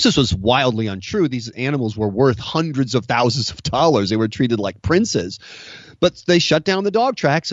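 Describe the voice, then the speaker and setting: A man's voice: medium pitch, no room sound, highs cut off. A man giving opinionated radio commentary, sarcastic, mocking and combative. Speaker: political commentator.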